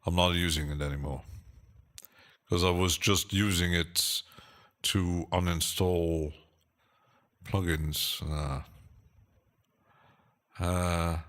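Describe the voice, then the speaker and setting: A man with a low voice hosts a relaxed live stream. He talks very slowly, with many pauses and fillers, and chuckles now and then as he answers chat.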